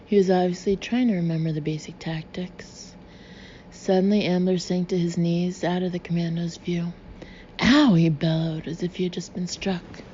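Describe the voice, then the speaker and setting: Mellow, flat-toned woman narrating. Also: on the low side. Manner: even, measured reading. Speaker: audiobook narrator. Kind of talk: scripted audiobook narration. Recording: slightly dull recording with faint hiss.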